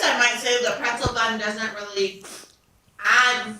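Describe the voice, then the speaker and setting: A woman's voice: on the high side, flat delivery, unhurried, bright, forceful tone, heavy reverb, distant mic, poor audio. A woman co-hosting a home cooking livestream, chatting and teasing playfully between bites. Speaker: cooking show co-host. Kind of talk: casual livestream chat while eating.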